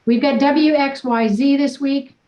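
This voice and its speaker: A woman's voice: sits high, fairly even intonation, unhurried, warm tone, echoey room, poor audio. A woman wellness coach leading a group session, talking in an upbeat, playful, encouraging way.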